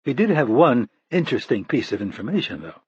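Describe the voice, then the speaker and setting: Man reading as calm steady woman spy director, husky low-key voice, dull dry audio. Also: no room sound. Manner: calm, measured. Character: calm woman CIA director, composed and measured.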